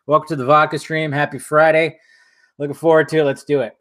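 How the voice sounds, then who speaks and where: A man talks casually to his live-stream viewers while drinking, loose and a bit profane. His voice sits slightly higher than most men's. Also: steady tone, fairly quick, gravelly, fairly bright tone.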